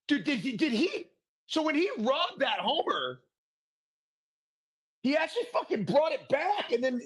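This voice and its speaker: Excitable dude hosting a sports chat, really high voice. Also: male voice, slightly rough. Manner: excitable, says dude a lot. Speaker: podcast host. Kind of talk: casual sports chat and commentary.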